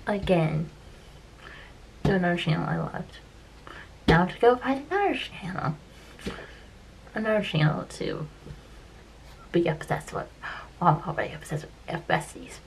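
A tearful woman vlogger talks slowly and haltingly, stopping to repeat herself and often sinking into a soft whisper. Her voice has a gravelly, creaky edge. A faint background hiss sits under her voice. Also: on the low side, big pitch swings, low-quality recording. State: upset, close to tears. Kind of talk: casual opinion vlog.

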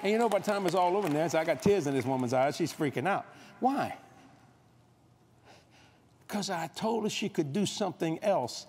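A man's voice: sits high, lively intonation, moderate pace, pauses often, darkish tone, a little hiss or hum. A man preaching a humorous, folksy sermon as guest preacher at a convention, on a stage microphone. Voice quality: folksy, joking, storytelling delivery. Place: large convention hall stage.

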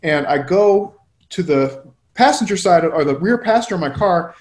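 High-voiced man rambling in an echoey room. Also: lively intonation, normal speed, a little mellow. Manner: loose and rambling, with lots of filler "like". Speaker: co-host. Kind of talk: casual chat, storytelling. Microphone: webinar video call.

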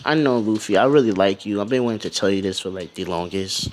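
A man's voice: fairly low pitch, fast, a little mellow, lightly acted. A man voicing an affectionate young female navigator who talks eagerly.

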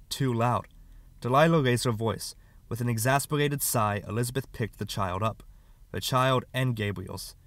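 A man reading a short story aloud as an audiobook narrator, calm and measured. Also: mid-range voice, no echo.

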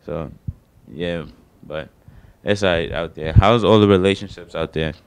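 Clear and resonant, a young man's low voice carries at normal speed through his first stand-up set on a small studio stage. He's a slangy, rambling comedian who mocks himself, and there's no echo.

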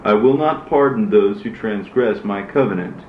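God speaks as a stern, unhurried male judge in a low voice, as a man reads the part. The reading is measured and solemn. The recording is roomy and dull, with a faint hiss behind it. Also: animated, lightly acted.

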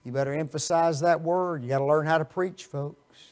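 Animated preacher man, rather high voice. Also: a little fast. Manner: animated, rhetorical questions to the audience; swings from quiet asides to loud emphatic bursts. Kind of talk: Bible study sermon.

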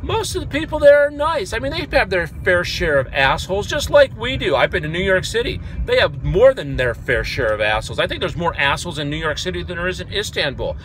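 Angry, high-pitched ranting American man. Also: very animated, brisk, hardly any pauses, a little hiss or hum. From United States. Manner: angry, sarcastic, loud outbursts. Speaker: vlogger. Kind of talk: ranting commentary.

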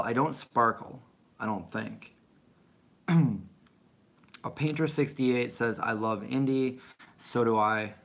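A man's voice: fairly low pitch, gravelly, a bit bright. A middle-aged man rambling casually as he answers viewer questions on a live stream. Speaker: vlogger answering live chat.

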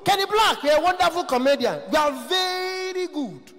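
A man voicing a poor man who shouts into the phone in a high voice. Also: animated, normal speed, faint music behind. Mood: loud. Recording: echoey hall, live stage.

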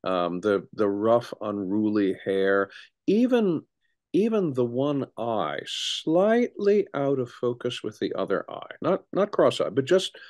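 A middle-aged man, a historian, speaking as an interview guest in an animated storytelling way with frequent restarts. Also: medium pitch, slow pace. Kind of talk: conversational interview.

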